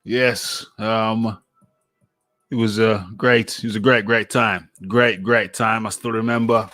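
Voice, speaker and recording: A man's voice: lowish voice, level tone, unhurried, fairly bright tone, soft background music. A man hosting a casual talk show, telling a story with laughs and repeating his punchlines. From England. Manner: laughing, repeats lines for effect. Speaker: host. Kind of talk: casual banter.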